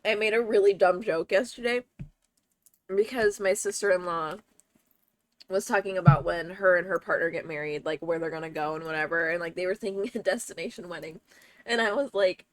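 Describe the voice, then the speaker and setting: A woman's voice: fairly low pitch, lively intonation, normal speed, long pauses, no echo. A young woman streaming from home, chatting casually with her viewers, swearing freely and breaking into laughter. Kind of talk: casual livestream chat.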